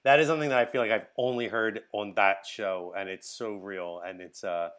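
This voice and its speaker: A man's voice: fairly low pitch, fairly even intonation, a little fast, fairly bright tone. A man from Philadelphia chatting on a podcast, hesitant with many ums and frequent laughs. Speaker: podcast co-host. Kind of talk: casual chat.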